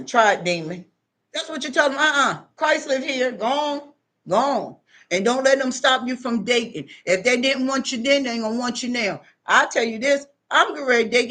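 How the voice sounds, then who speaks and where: A woman vlogger giving casual spiritual advice, preachy and animated, repeating phrases for emphasis. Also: medium pitch.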